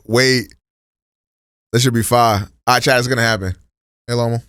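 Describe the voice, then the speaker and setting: A man's voice: medium pitch, steady tone, normal speed, long pauses, fairly bright tone, clean tone, no room sound. A man talks loosely to his live chat in a mid-range voice, dropping swear words and slang as he rambles between thoughts. The sound is dry and close, with no room around it. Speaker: streamer. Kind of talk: casual live-stream reaction chat.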